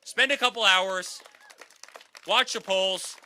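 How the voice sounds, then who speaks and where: A man's voice: high-pitched, slow pace, bright, forceful tone, a little hiss or hum. A man in his thirties giving a campaign rally speech, repeating lines and calling the crowd "guys". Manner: repetitive, rallying crowd, addresses them as guys. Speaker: campaign speaker.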